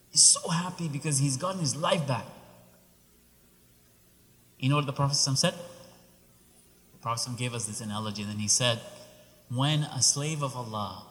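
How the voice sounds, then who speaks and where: A man preaching a sermon, telling a story with animated, rising exclamations. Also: mid-range voice. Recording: long reverb of a large hall.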